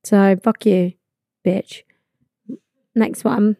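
A woman's voice: medium pitch, fairly even intonation, drawn-out words, creaky, dark tone, no echo, studio quality. A young woman, hosting a podcast in blunt, sweary casual chat full of "like". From England. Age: 20s. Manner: blunt, sweary, laughing, lots of "like". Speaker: podcast host.

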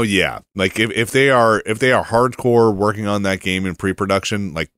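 A man co-hosting a casual podcast chat, animated and hedging his points. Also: on the low side, normal speed, clean tone, no room sound, studio quality. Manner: animated, hedging, slips into goofy voices. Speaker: podcast co-host.

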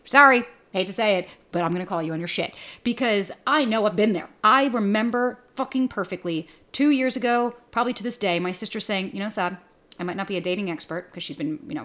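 A young woman hosting a podcast, talking bluntly and profanely in casual chat and telling stories with lively energy. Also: medium pitch, fast talker. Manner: blunt, profane, animated storytelling. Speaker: podcast host.

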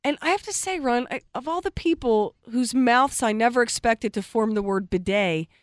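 A woman's voice: on the high side, moderate pace, dry recording. Female co-host, teasing and chatty, dry studio sound. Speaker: radio co-host. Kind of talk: casual radio chat.

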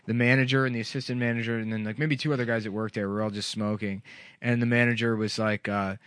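A man's voice: lowish voice, level tone, fast talker, fairly bright tone, clean tone, dry recording, clean studio sound. A man in a casual comedy podcast chat, telling sardonic, profane stories.

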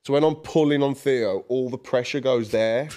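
A man telling an animated story as a podcast guest, swearing and laughing as he goes. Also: medium pitch, normal speed. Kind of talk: casual chat, storytelling.

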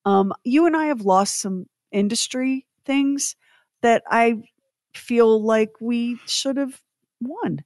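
A middle-aged woman, a podcast co-host and former TV writer producer, speaks slowly in a fairly high, darkish voice, talking through her feelings earnestly and emphatically in casual chat. The sound is dry and clean, studio-like.

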